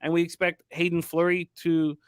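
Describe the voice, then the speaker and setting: Host, male, sports betting show: brisk and emphatic, reads off stats, voice a bit high, dry booth sound. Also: little pitch movement, clear, resonant tone, dry recording.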